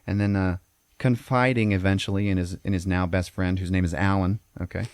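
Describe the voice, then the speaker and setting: A man's voice: sits low, steady tone, a little fast, darkish tone, no echo, studio quality. A man hosting a podcast, recapping a film in a casual, profane way and checking in with "okay?" after nearly every beat. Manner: profane, peppers lines with "okay?". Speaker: podcast host.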